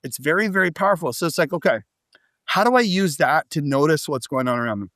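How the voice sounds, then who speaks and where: Male podcast guest, slightly high voice, lively storyteller, dry close mic. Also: fast talker, no echo. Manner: animated storytelling, frequent "like" and "right?". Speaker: podcast guest, business coach. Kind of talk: casual interview talk.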